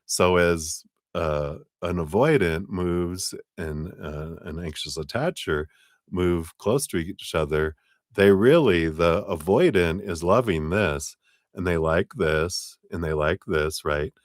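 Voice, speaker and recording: Deep-voiced man giving a lively reading. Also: slow pace, dry recording, clean studio sound. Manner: animated, acts out quoted voices with big pitch jumps; laughs often, many fillers. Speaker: tarot reader. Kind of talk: live-streamed reading talk.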